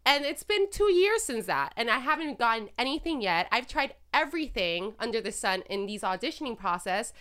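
Lively young woman chatting casually. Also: a little high, brisk, hardly any pauses, smooth. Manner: expressive, laughs easily. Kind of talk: casual chat.

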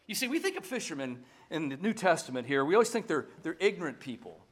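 A male pastor preaching a sermon, telling a Bible story with animated emphasis. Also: on the high side, fast talker.

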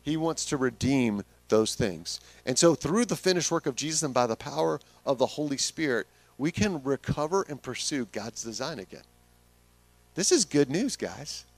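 A man's voice: mid-range voice, animated, moderate pace, dry recording. Male pastor, conversational sermon delivery, dry close recording. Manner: conversational, earnest, addresses the congregation directly.

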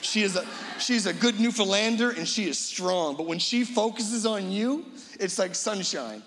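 A man's voice: high voice, normal speed, fairly bright tone, in a large hall, slight background noise. A middle-aged male guest preacher giving a dramatic storytelling sermon, acting out imagined voices.

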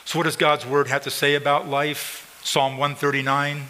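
Pastor guy preaching hard in a church, bright tense voice, long echo from the hall. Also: a little high, level tone, moderate pace, few pauses. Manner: emphatic preaching, repeats phrases, addresses congregation directly. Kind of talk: sermon. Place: church sanctuary.

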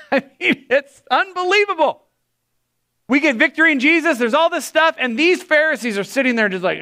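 Male pastor, high and bright tone, lively preaching. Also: moderate pace. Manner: animated, acts out quoted voices. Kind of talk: sermon.

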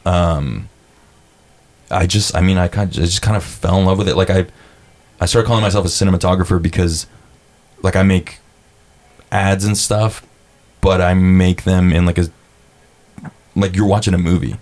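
A young man with a low voice talks casually as a podcast guest. He tells stories in a relaxed, rambling way, calls people dude, swears freely, and acts out what others said. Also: normal speed, long pauses. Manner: laid-back storyteller, says dude a lot, swears, acts out quotes. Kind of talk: casual chat.

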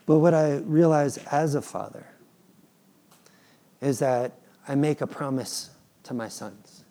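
A man in his thirties, a father, preaching a sermon in an animated, playful way and acting out his children's pleading. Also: medium pitch, slow. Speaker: pastor.

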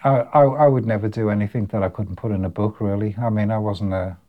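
A man's voice: lowish voice, steady tone, fast talker, phone-quality sound. Older Liverpool man reminiscing. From Liverpool, England. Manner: chatty and reminiscing, chuckles often, repeats words. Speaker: guest musician. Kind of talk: casual interview storytelling.

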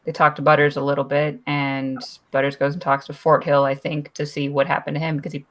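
Woman with a very low voice. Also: level tone, brisk, a bit bright. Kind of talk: casual book discussion.

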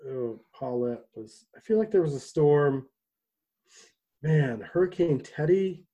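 A man co-hosting a casual podcast chat, rambling with restarts and throat clearing. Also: on the high side, lively intonation, slow, mellow, highs cut off. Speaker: podcast co-host.

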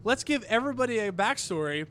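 A man's voice: high voice, lively intonation, quick pace, fairly bright tone, a little hiss or hum. A man co-hosting a casual podcast, rambling and correcting himself, laughing often. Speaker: podcast co-host. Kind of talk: casual chat.

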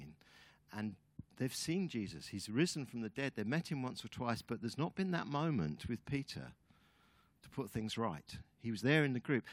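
Animated man telling a sermon story. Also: medium pitch, no room sound. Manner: animated storytelling, chatty asides to the audience. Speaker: guest speaker.

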